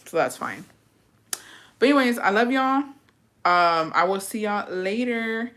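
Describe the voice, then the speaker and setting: A young woman hosting a livestream, telling a story in a rapid, profane, casual way and dropping in Spanish words. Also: medium pitch, expressive, fairly bright tone. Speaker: livestream host.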